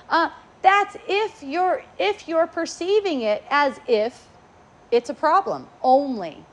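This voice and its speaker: Middle-aged woman, high voice, casual spiritual teacher, playful, laughs often. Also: slow pace.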